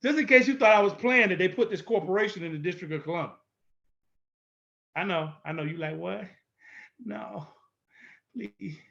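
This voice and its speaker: High-voiced guy lecturing hard, keeps repeating himself, kinda muffled lo-fi audio. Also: moderate pace, gravelly, pauses often, fairly bright tone. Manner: emphatic, repetitive, bold and confrontational. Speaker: instructor. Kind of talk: lecture-style video walkthrough.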